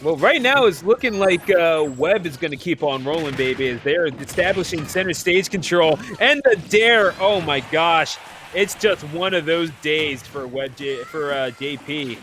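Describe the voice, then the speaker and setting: A man commentating an online video game tournament play-by-play, excitable and joking, laughing often. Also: a little high, moderate pace, a little hiss or hum. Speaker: esports commentator.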